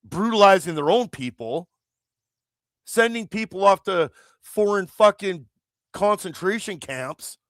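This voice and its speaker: A man's voice: high voice, expressive, measured pace, a bit bright, no echo, clean studio sound. A man from Canada hosting a political livestream, ranting angrily with heavy swearing and rambling restarts. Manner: angry, profane, rambling. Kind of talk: heated political rant.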